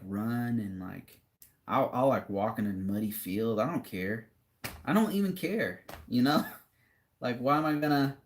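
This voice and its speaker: A young man with a medium-pitched voice reads viewer comments aloud on a live stream, chatting in a relaxed, rambling way and laughing often.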